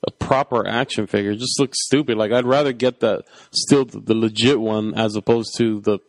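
A man's voice: fairly low pitch, fairly even intonation, a little fast, no room sound. A man co-hosting a podcast in casual chat, often hesitating and trailing off. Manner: hesitant, trails off mid-thought. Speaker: podcast co-host.

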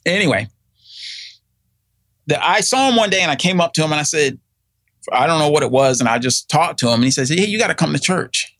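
A man's voice: a little high, brisk, long pauses, fairly bright tone, no echo. A middle-aged man, telling a personal story in casual chat, rambling with many fillers and acting out what people said. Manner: rambling, many fillers and restarts, acts out quoted voices. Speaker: guest telling his story.

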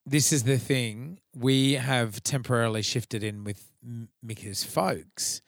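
Swearing Australian bloke on a podcast. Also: male voice, medium pitch, measured pace, creaky, no room sound, clean studio sound. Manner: swearing, rambling banter. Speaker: podcast co-host. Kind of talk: casual chat.

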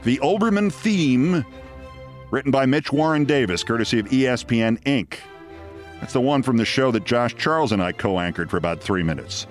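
Wry deadpan New York man. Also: medium pitch. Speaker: podcast host. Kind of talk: storytelling monologue and show sign-off.

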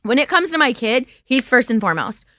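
A bright, high-pitched woman telling funny stories in casual chat. Her voice swings widely as she acts out what others said, and she breaks into laughter a lot. The sound is close and dry. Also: brisk, no echo. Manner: animated, laughing often, acting out quotes. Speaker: podcast host. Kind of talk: casual live-stream storytelling.

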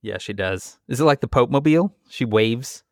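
A man's voice: medium pitch, lively intonation, brisk, no room sound. Dry-humored podcast co-host man. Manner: dry, joking banter. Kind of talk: casual chat. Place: home basement.

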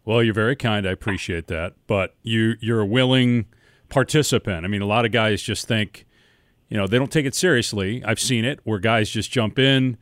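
A man hosting a sports podcast, asking questions in a relaxed, conversational way. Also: on the low side, normal speed, no room sound, clean studio sound. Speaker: podcast host and sports broadcaster. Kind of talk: casual interview chat.

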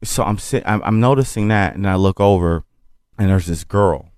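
Here is a male comedian spinning a long anecdote in a fairly low voice, recorded close and dry with no room sound. He talks in an animated, swearing, conversational way and slips into other people's voices. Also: moderate pace, clean tone, no room sound. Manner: animated, profane, acts out quotes. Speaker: comedian guest. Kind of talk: casual storytelling on a podcast.

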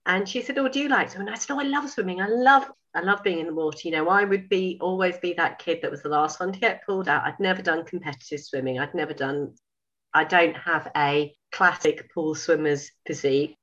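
A woman in her fifties, a sewing school owner, telling a story in a lively way, acting out dialogue and laughing. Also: on the low side, a little fast, highs cut off. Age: 50s. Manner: animated, laughing, acts out dialogue. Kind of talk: casual storytelling.

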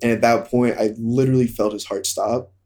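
A young man candidly telling a hard personal story in conversation, halting and full of fillers. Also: medium pitch, fairly even intonation, darkish tone. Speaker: guest.

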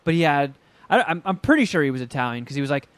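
A man co-hosting a casual podcast chat, telling stories in a profane, animated way with acted-out quotes. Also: on the high side, quick pace, clear, resonant tone, no room sound. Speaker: podcast co-host.

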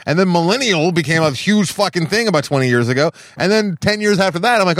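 A man's voice: sits high, expressive, quick pace, few pauses, a bit bright, no room sound. Rambling, swearing man in a dry room. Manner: rambling, self-deprecating, swears freely. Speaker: podcast co-host. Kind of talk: casual chat.

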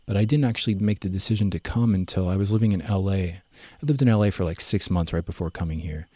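A young man telling his story in a relaxed, rambling way, full of fillers and self-corrections. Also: sits low, fast talker, dry recording. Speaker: guest. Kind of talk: casual conversational storytelling.

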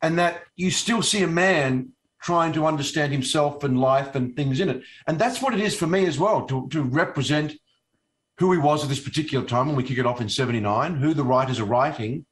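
This Australian guest actor has a fairly high-pitched voice and an Australian accent. Being interviewed casually, he hesitates a lot, using many fillers and beginning his sentences again.

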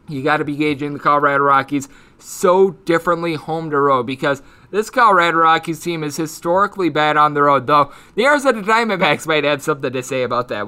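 A man hosting a sports betting podcast, running through team stats, player numbers and betting lines in rapid lists. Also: on the high side, pushed and bright, clear, resonant tone. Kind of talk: solo sports betting analysis. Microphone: headphones and studio mic.

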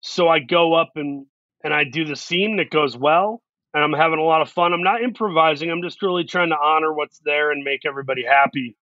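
A man telling animated anecdotes as a guest in an interview, acting out what people said to him. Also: fairly high pitch, brisk, dry recording, lo-fi sound. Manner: animated anecdotes with quoted asides. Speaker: actor guest. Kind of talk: storytelling interview.

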